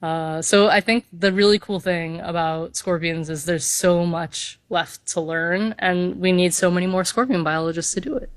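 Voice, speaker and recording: A woman scientist talks casually and eagerly as a radio guest. Her voice sits a little low and often leans on "like." The sound is dry and close. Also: steady tone, moderate pace, few pauses, no room sound. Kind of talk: radio interview.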